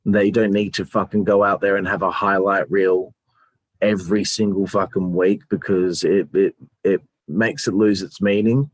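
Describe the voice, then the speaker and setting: A man's voice: low voice, flat delivery, normal speed, dry recording. A man co-hosting a casual review chat, talking in a rambling, hesitant way and swearing casually. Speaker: podcast co-host.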